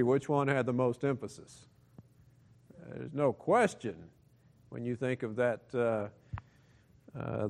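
A man preaching a sermon to his church in a conversational way, with joking asides, who booms out when he quotes scripture. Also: creaky, darkish tone. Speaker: pastor.

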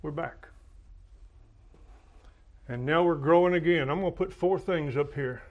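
A man's voice: a little high, a little slow, lo-fi sound. A man preaching a sermon, telling folksy stories and swinging his volume for drama. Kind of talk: sermon with anecdotes.

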